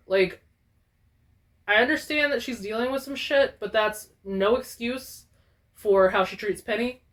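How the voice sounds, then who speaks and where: A young woman talks straight to her viewers in a casual gaming vlog. Her voice sits at an ordinary middle pitch. She rants with big exaggeration and curses freely. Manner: profane, animated, exaggerated ranting. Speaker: gaming YouTuber.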